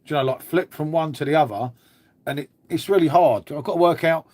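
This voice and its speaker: Matey bloke chatting on a live stream. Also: male voice, a little high, brisk, a little mellow. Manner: chatty and matey, swears, answers viewers' comments. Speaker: beer channel host. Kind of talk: casual live stream chat.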